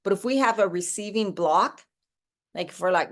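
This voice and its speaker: A woman in her sixties speaks in a low voice, relaxed and conversational. Her talk is encouraging and motivational. Now and then she slips into playful quoted voices. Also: normal speed. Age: 60s. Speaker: host giving a morning talk.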